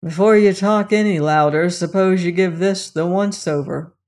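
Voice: medium pitch, moderate pace, a little mellow, natural voice. A reader doing a blunt, slangy plainclothes cop. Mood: curt. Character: gruff plainclothes policeman, blunt and indifferent.

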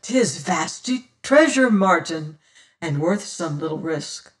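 Reader doing shrewd old sea rover, archaic sailor talk, slow and measured, a bit off-mic. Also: medium pitch, lively intonation, recorded from a distance. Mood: hearty. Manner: archaic seafaring speech, hushed at times. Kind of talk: audiobook character reading.

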